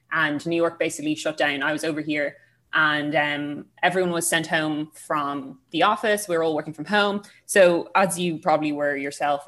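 Woman, Irish accent, twenties, somewhat low pitch, chatty, self-deprecating, podcast guest. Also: a bit bright. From Ireland. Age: 20s. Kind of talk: casual podcast interview.

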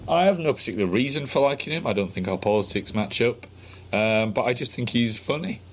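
A podcast co-host in a loose, joking chat. His voice rises and falls a lot and stays animated. He sounds like he is teasing himself, with a faint hiss behind him. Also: medium pitch, a little fast. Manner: jokey, self-mocking banter. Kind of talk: casual political chat.

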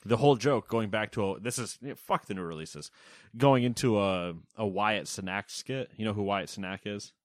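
A man with a fairly low voice co-hosts a gaming podcast, cracking jokes and laughing between news items. His voice sits close and dry with no room around it. He talks in a loose, chatty way. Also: normal speed, no room sound. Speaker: podcast co-host. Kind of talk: casual banter and news rundown.

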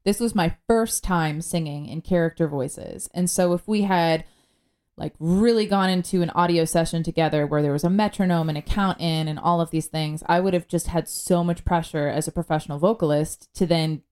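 A woman co-hosting a podcast in casual chat, animated and slipping into playful voices when she quotes herself. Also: on the low side, normal speed, clean tone. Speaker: podcast co-host and professional vocalist.

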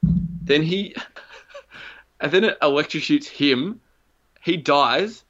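A man's voice: a little high, slow, highs cut off. Swearing man telling a story. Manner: swears often, animated retelling with quoted voices. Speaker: podcast co-host. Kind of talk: casual storytelling chat.

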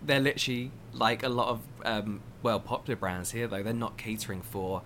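A woman's voice: rumbling low, steady tone, a little fast, a bit bright, slight background noise. A woman hosting a podcast, chatty with lots of fillers and sentence ends that rise. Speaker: podcast host. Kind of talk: casual podcast chat.

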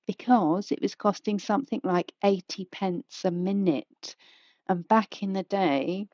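A woman's voice: mid-range voice, dark tone, no room sound. A woman, chatting frankly and rambling on her solo podcast. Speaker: podcast host. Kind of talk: casual solo podcast chat. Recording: dry, slightly dull home mic.

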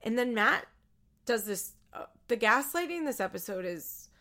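A woman's voice: a little high, very animated, normal speed, pushed and bright. A woman giving an opinionated, casual recap of a reality show, acting out what the people said. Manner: chatty, opinionated, acts out quotes. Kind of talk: casual commentary.

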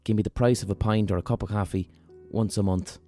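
A man hosts a podcast in relaxed, casual conversation. He rambles with a jokey, irreverent manner. Faint music sits under his voice. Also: on the low side, quick pace. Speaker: podcast host.

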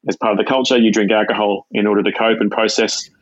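A middle-aged Australian man speaks low and flat, halting, with fillers and false starts. His voice sounds dry and a bit muffled, with no room around it. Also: no echo. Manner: halting, many fillers and restarts. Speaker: retired police sergeant, guest. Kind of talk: casual personal storytelling.

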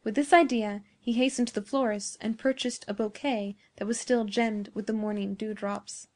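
A woman narrating a nineteenth-century story in a measured storytelling manner. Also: fairly high pitch, steady tone. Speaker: audiobook narrator. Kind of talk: scripted narration.

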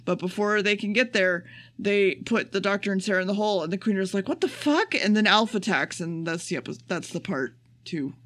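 High-voiced guy on a podcast, sarcastic and sweary, bright tone. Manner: sarcastic, profane, rapid recap. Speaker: podcast co-host. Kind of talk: casual podcast chat.

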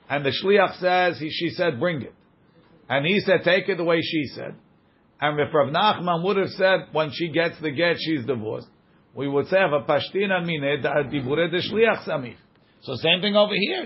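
A man's voice: on the high side, husky, muffled recording. A man teaching a daily page of Talmud, reading the passage aloud and explaining it line by line.

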